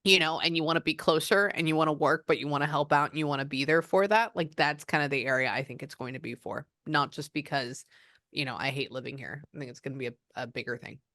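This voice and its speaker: A woman's voice: deep voice, fast, a bit bright, no echo, studio quality. A woman psychic medium giving a client reading, chatting and often quoting the spirit's messages.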